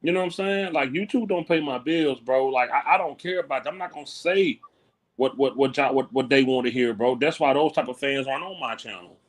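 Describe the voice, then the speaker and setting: A man's voice: medium pitch, brisk. A man co-hosting a podcast in casual chat, blunt and slangy, dismissive of rival channels. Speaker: podcast co-host.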